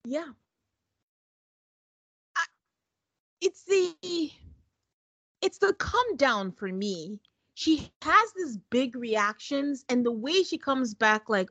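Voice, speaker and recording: A woman's voice: high-pitched, slow pace, pauses often, slightly rough, dry recording. A woman co-hosting a podcast, recapping a reality show in casual chat, laughing often and acting out what people said. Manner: animated, laughing often, acts out quotes. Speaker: podcast co-host.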